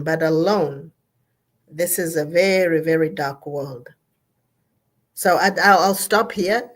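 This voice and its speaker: A woman, a therapist giving an emphatic motivational talk on mental health. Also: on the low side. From Zambia. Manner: emphatic, repeats and spells out key words. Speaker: therapist speaking at an online gathering.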